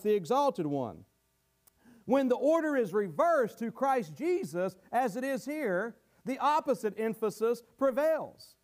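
A man's voice: very high-pitched, darkish tone. A man preaching a sermon to his congregation, earnest and teaching verse by verse, often repeating words as he goes.

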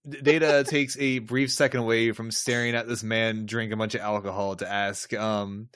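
A man's voice: lowish voice, level tone, moderate pace, few pauses, fairly bright tone, clear, resonant tone, no echo, studio quality. Laid-back chuckling man. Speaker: podcast co-host. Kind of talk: casual chat recapping a TV episode.

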